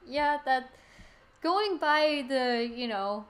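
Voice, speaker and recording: Teasing high-voiced woman. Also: expressive, very slow, fairly bright tone. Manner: teasing, blunt. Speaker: let's play host. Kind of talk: casual chat.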